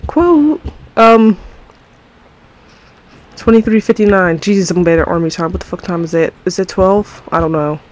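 Speaking at a normal speed with long pauses, this woman has a lowish, darkish voice, captured in a low-quality recording. She's doing let's play commentary on a horror game, panicking, swearing nonstop and yelping with fright as she addresses viewers. Her own desk microphone sits pulled back so it won't clip.

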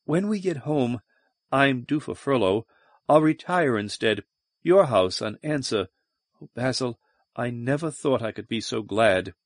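Man doing a tearful woman lover, breathless, pleading, mid pitch, dry close sound. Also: lively intonation, measured pace, no echo. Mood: tender. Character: woman Helena, anxious then tender lover.

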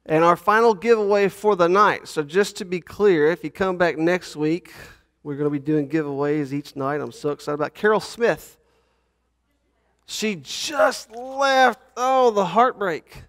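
A man's voice: fairly high pitch, moderate pace, a bit bright. A male pastor, preaching and reading scripture in a folksy, joking way. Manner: folksy, says y'all, jokes with the congregation.

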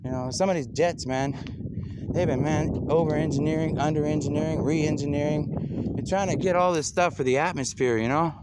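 A man's voice: a little high, fairly even intonation, normal speed, very noisy. A man talking in a rambling monologue over footage, drifting between topics with wordplay and filling his talk with "man" and "you know".

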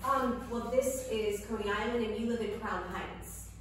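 A woman's voice: medium pitch, normal speed, natural voice. A woman playing an earnest, exasperated woman who keeps correcting others in a scripted comedy sketch. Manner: patient correcting, then exasperated. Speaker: character in a comedy audio sketch. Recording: echoey room, distant mic, faint noise.

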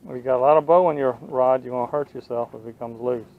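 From a boat on a lake, a man hosts his outdoor fishing vlog, chatting easily and coaching the boys. He speaks fast in a mid-range voice, and the action-camera mic gives it a phone-quality sound.

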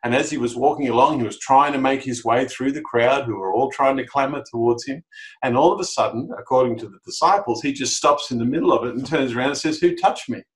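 Animated Australian male pastor preaching. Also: fast, rough recording. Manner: animated storytelling, raises pitch for quoted lines. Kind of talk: sermon.

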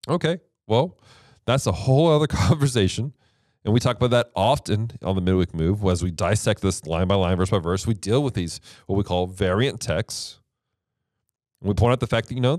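A man's voice: lowish voice, fairly quick, darkish tone, dry recording, studio quality. A man hosting a Bible teaching show, explaining translations in a casual, emphatic way with rhetorical questions.

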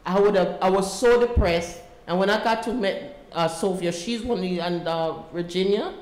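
A woman's voice: mid-range voice, normal speed, darkish tone. A woman, a mother and volunteer, giving an emotional, pleading personal testimony to an audience. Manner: emotional, pleading, voice rising as she speaks. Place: large echoey room with an audience. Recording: roomy echo, faint room noise.

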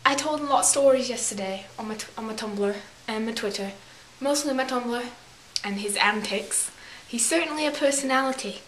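A woman's voice: fairly high pitch, moderate pace, hardly any pauses, a bit bright. A young woman vlogger telling rambling stories in a put-on English accent, often correcting herself as she goes. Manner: rambling, self-correcting, chatty. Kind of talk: casual storytelling vlog. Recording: echoey room with faint hiss.

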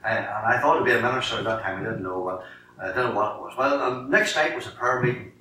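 A middle-aged man with a Northern Irish accent giving his testimony in a sermon, telling his story in an animated way and acting out the dialogue. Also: mid-range voice, fast. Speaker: lay preacher giving testimony. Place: church sanctuary. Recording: echoey church from a distance with faint noise.

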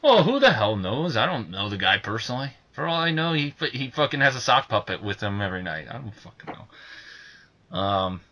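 Bright-sounding young guy cohosting a podcast, gets loud and cusses a lot. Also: mid-range voice, fast talker, hardly any pauses, muffled recording. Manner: excitable, swears a lot, shouts when worked up. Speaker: podcast co-host. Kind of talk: casual podcast chat.

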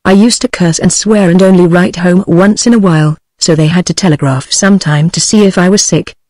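A synthetic British female voice reading the lines of an earnest, preachy sixteen-year-old boy in an even, mechanical way. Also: fairly low pitch, fairly quick, no room sound, natural voice. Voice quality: even, mechanical text-to-speech delivery.

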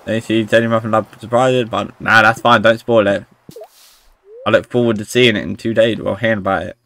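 A man's voice: on the low side, steady tone, fairly quick, creaky, fairly bright tone. A man streaming a video game, chatting casually with his viewers, joking and swearing now and then. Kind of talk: casual gaming stream chat.

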